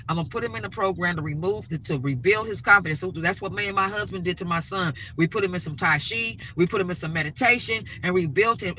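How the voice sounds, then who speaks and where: A woman's voice: mid-range voice, sharp tone, slight background noise, rough recording. Middle-aged woman vlogger, piercing edgy tone, heated blunt rant recorded on a phone in a car. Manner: emphatic, repetitive, blunt and heated. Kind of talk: ranting to-camera vlog.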